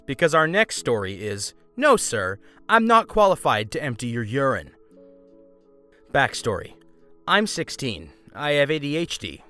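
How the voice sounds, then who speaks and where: A man hosting a show and reading online stories aloud in a lively, expressive way. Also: medium pitch. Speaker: host and story reader.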